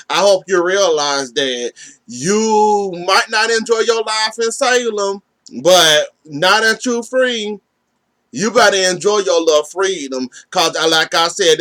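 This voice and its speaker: A man's voice: a little high, a bit bright. A man recapping a soap opera episode in a casual, sassy way, speaking straight to the characters and teasing them.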